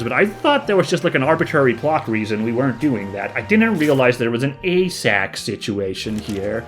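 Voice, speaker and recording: A man narrating his own playthrough in a loose, chatty way. His pitch moves about a lot and his sentences wander through fillers. Faint game music plays in the background. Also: a bit bright, low-quality recording. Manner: chatty, musing, lots of fillers. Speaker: let's play host. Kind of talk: casual gameplay commentary.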